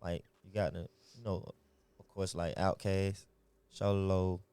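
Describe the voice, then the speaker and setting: A man's voice: low-pitched, flat delivery, a little slow, dark tone, smooth, no echo. A young man from Atlanta with an Atlanta accent, a rapper giving laid-back, slangy answers in an interview. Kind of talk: casual interview chat.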